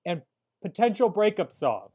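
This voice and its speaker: A young man co-hosting a podcast, recapping a movie plot in casual chat with dry, deadpan jokes. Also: sits high, normal speed. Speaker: podcast co-host.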